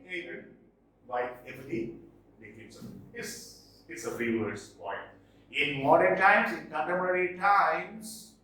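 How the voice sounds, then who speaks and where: A man teaching a literature lesson, repeating key terms slowly and stressing what matters for exams. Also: mid-range voice, a bit bright. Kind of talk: classroom lecture. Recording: echoey room, voice far from mic.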